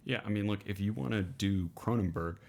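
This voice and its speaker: A man's voice: fairly low pitch, brisk, gravelly, a little mellow. A young man co-hosting a podcast, chatting casually about a film and rambling with many restarts. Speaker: podcast co-host. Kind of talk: casual film review chat.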